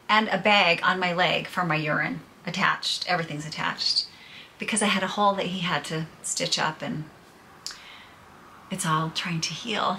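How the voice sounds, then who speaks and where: A woman's voice: medium pitch, bright, forceful tone, slight background noise. A middle-aged woman vlogging to her viewers, telling her personal troubles in a candid, chatty way and laughing through them. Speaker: podcaster and vlogger. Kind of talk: casual personal storytelling to viewers.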